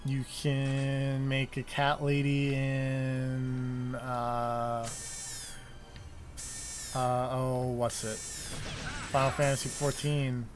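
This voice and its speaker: A man's voice: medium pitch, monotone, very slow, long pauses, faint music behind. A young man with a nasal, congested voice, chatting casually while playing a video game on stream. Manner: chatty, reacting out loud to the game. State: congested from allergies. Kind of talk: casual gameplay commentary.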